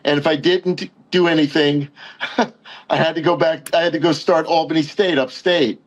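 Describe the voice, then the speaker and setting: A middle-aged man from Long Island, a guest in casual chat, talking haltingly with many fillers and agreeing warmly. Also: on the high side, fairly even intonation, rough recording. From Long Island, New York.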